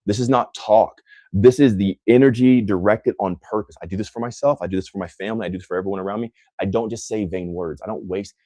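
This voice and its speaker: Intense low-voiced man, dry close sound. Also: steady tone, quick pace, warm tone, dry recording. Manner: intense, emphatic, repeats phrases for effect; scornful toward critics. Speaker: host answering live comments. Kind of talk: motivational livestream talk.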